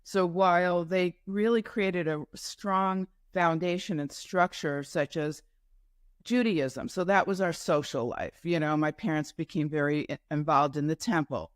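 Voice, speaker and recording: A woman's voice: low voice, unhurried, dry recording. A woman from New York tells her story as an interview guest, wandering through asides and correcting herself as she goes. The sound is dry and close, with no room around it. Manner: meandering, with frequent asides and self-corrections. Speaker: guest entrepreneur.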